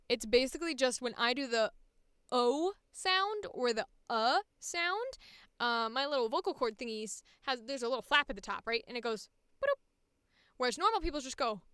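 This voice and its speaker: Frank, smooth-voiced Midwestern woman. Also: high voice, sharp tone, no room sound, studio quality. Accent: Midwestern American. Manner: candid, profane, self-mocking. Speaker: voice actor. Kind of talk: casual livestream chat. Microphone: close studio microphone.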